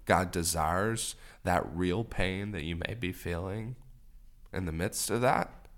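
A man's voice: deep voice, slow pace. A man co-hosting a faith-based podcast, talking earnestly with repeated encouraging phrases. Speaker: podcast co-host.

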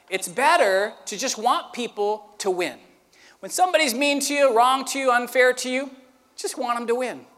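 A man preaching a sermon as pastor, earnest and shifting between quiet, tender stretches and emphatic, rising ones. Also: sits high, in a large hall.

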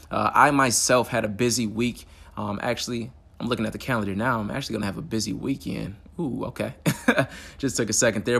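A man's voice: mid-range voice, fairly bright tone. A young man hosting his own motivational talk show, chatting in a casual, upbeat way with slang and fillers. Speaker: podcast host.

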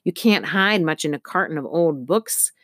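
A woman's voice: low-pitched, lively intonation, moderate pace, fairly bright tone, no room sound, clean studio sound. A woman voicing a nervous, evasive man. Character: nervous middle-aged male bookstore worker.

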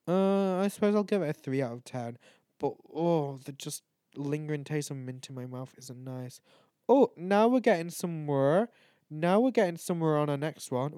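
A man's voice: fairly high pitch, darkish tone, no room sound, studio quality. A tired, tipsy man rambling and swearing as he hosts his own chat show. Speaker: podcast host. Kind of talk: casual solo chat.

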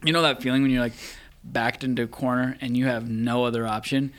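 Young male guest, casual storyteller, animated, laughs easily, mid-pitched. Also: a little fast. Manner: animated, laughs through the telling.

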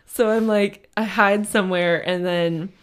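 A woman's voice: medium pitch, fairly even intonation, measured pace, a little hiss or hum. Giggly, rambling young woman storyteller. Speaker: podcast co-host. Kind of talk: casual chat.

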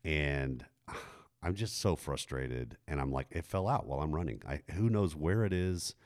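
A middle-aged man, telling a story in casual chat, jumping high in pitch when he quotes a woman. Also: lively intonation, moderate pace. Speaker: podcast co-host telling a story.

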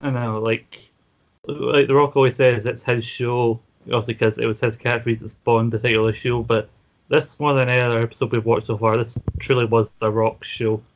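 A man's voice: mid-range voice, level tone, a little fast, lo-fi sound. A man co-hosting a casual wrestling podcast, recapping matches and dropping dry, wry remarks. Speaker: podcast co-host.

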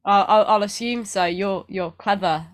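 A woman's voice: medium pitch, moderate pace. A woman co-hosting a casual podcast, rambling and self-deprecating with lots of fillers, getting over feeling unwell. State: recovering from illness. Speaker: podcast co-host. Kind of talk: casual chat.

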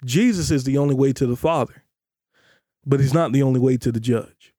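A man preaching a sermon on a podcast, with emphatic delivery that slows down to stress scripture. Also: warm tone, no echo, clean studio sound. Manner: emphatic preaching, voices imagined questioners in a high pitch. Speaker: pastor.

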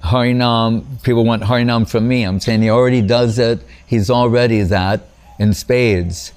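A man's voice: mid-range voice, steady tone, normal speed, darkish tone, clean tone. Man giving a rambling anecdotal talk. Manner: rambling and anecdotal, frequent "you know", breaks off and restarts; chuckles at his own stories. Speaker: spiritual teacher. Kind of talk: informal spiritual talk.

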